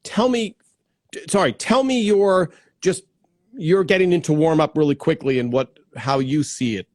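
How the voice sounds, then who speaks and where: A man's voice: fairly high pitch, normal speed, darkish tone, no room sound. Chatty man hosting a live stream, dry sound. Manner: chatty, greets viewers by name, restarts often. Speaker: livestream host. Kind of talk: casual live-stream chat. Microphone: plugged-in desk microphone.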